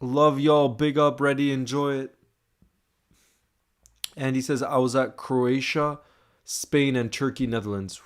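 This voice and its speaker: A man's voice: medium pitch, steady tone, normal speed. A young man hosting a live stream, chatting casually and greeting viewers by name as he reads their comments. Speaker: livestream host.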